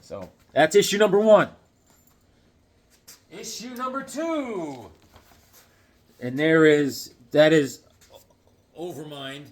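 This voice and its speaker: Casual male comics reviewer, somewhat high voice, animated storyteller. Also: slow pace, long pauses. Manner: animated storytelling, acting out characters; frequent fillers and restarts. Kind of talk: casual comic book recap.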